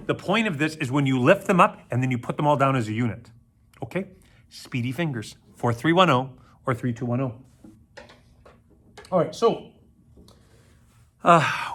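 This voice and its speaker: Upbeat man teaching kids strings. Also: fairly high pitch. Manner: energetic, counts aloud and demonstrates on instruments; jokey, playful asides to kids. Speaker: orchestra teacher. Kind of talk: recorded video lesson for children. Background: plucked string instrument demonstrations.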